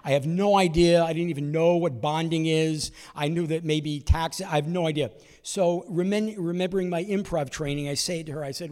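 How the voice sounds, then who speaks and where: Sex: man. Role: stand-up comedian. Style: storytelling set. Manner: wry, conversational, acts out quoted voices. Pitch: somewhat high. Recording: long hall reverb. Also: fairly quick, a little mellow.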